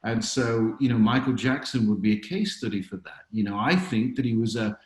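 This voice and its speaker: A man working as a chaplain talks in a podcast interview, reflective and anecdotal, with frequent fillers. His voice sits at an ordinary middle pitch. The recording carries a noticeable room echo. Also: brisk. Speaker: chaplain and author, podcast guest. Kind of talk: conversational storytelling interview.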